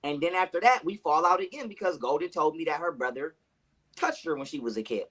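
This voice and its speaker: A man with tells a personal story in a loose, rambling way, repeating himself and using slang. His voice is bright and clear. He speaks casually, as if to a camera. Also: fairly high pitch, lively intonation, a little fast. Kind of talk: casual storytelling in a video clip.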